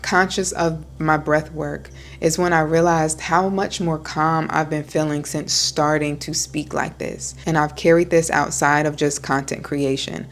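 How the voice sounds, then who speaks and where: A woman vlogger speaking in a low, soothing voice, slow and deliberate, pausing between her sentences. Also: fairly even intonation, slight background noise. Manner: slow, soft, deliberate speech with pauses. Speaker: wellness vlogger. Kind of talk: calm talking-head vlog.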